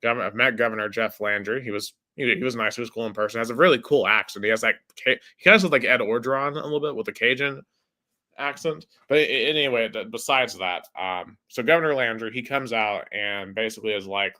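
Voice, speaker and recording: Hosting a laid-back sports podcast, this man speaks fairly quickly in a mid-range voice with a bright, forceful tone. His talk is chatty and packed with "like."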